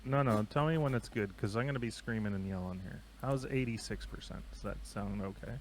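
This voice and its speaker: A man's voice: lowish voice, brisk, a little mellow, slight background noise. A man cohosting a live stream, playful and chatty while sorting out his audio. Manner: playful, chatty, sings snippets. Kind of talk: casual chat on a live stream.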